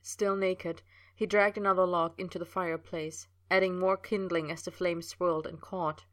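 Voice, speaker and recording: A woman with a fairly low voice reads a story aloud. Her narration is steady and unhurried. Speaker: reader. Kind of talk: reading fan fiction aloud.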